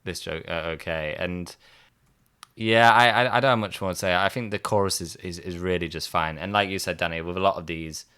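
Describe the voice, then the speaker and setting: A man co-hosting a music podcast, talking hesitantly with many pauses and a dry sense of humor. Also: low-pitched, steady tone, bright, forceful tone, clean tone. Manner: hesitant, lots of ums and restarts, dry humor. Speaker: podcast co-host. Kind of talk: casual album review chat.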